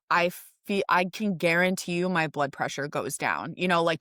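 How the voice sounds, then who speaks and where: Low-pitched woman host, dry close sound, supportive and conversational. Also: fairly bright tone, no room sound. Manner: supportive listener, brief affirmations and laughs. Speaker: podcast host. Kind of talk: casual interview.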